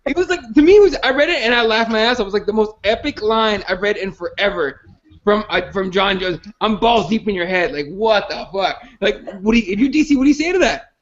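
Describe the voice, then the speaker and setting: A man's voice: sits high, expressive, fast talker, lo-fi sound. A man hosting a casual podcast about fighting. He rambles and swears, stumbling over restarts. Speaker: podcast host. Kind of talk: casual MMA chat.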